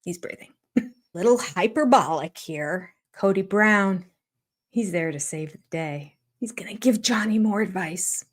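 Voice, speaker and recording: A woman's voice: medium pitch, lively intonation, unhurried. An older woman giving sarcastic, amused reaction commentary on a reality show, often laughing. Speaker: YouTube commentator.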